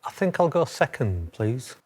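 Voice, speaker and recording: A man's voice: medium pitch, big pitch swings, moderate pace, darkish tone, slightly rough. A man quiz contestant, answering carefully and tentatively in a TV studio.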